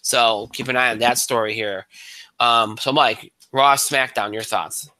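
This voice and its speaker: A man's voice: mid-range voice, fairly even intonation, unhurried, bright, forceful tone, dry recording, low-quality recording. A man hosting a podcast in casual chat, rambling with fillers and restarts. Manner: plain conversational, rambling with fillers. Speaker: podcast host.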